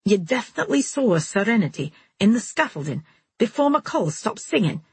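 A woman reading Harrison, a calm steady young man. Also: lowish voice, moderate pace, slightly rough, no room sound. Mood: urgent.

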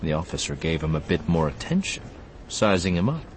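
Deep-voiced man reading an audiobook. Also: fairly quick, a little hiss or hum. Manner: expressive, shifts for character lines. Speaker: audiobook narrator. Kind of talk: audiobook narration.

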